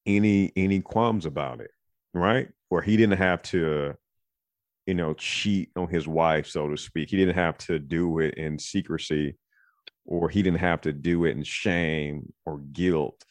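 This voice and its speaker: Brief: male podcast host, very deep voice, loose and digressive, dry close recording. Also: no echo. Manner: rambling, digressive, thinks out loud. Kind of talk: casual podcast chat.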